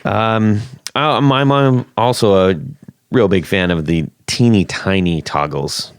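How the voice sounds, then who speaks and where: A man's voice: lowish voice, takes it slowly, clear, resonant tone, no echo. A man hosting a casual podcast chat, laid-back and rambling with frequent restarts. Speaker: podcast host.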